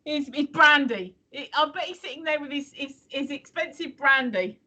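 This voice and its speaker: Woman co-hosting a livestream, older, high and bright voice, animated teasing banter with frequent laughs. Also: moderate pace, dull audio. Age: 50s or 60s. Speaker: stream co-host. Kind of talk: casual livestream chat.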